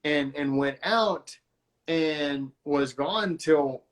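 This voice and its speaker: A man hosting a podcast conversation, talking in a halting way with many restarts and self-corrections. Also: a little high. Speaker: host.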